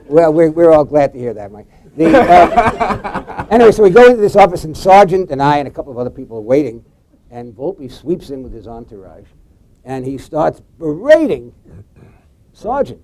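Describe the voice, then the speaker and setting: A man's voice: very animated, moderate pace, mellow, rough recording. A man on a forum panel telling a long political anecdote, acting out quoted lines. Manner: anecdotal, voices quotes with pitch jumps.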